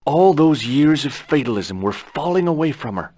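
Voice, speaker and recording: A man's voice: on the high side, sing-song, normal speed, mellow. An actor voicing a curious young adventurer in a video game, asking questions in a casual, dry way and narrating his story.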